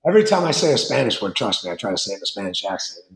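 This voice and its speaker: A man in an interview, a winemaker who talks in a blunt, rambling, animated way and swears casually. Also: on the low side, racing, gravelly. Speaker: winemaker and wine business owner. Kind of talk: interview conversation. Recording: roomy echo.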